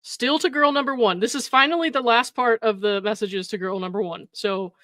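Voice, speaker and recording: A woman's voice: fairly high pitch, fairly quick, a bit bright, no echo. A woman hosts a reaction commentary, blunt and sarcastic, often laughing as she talks. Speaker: commentary host.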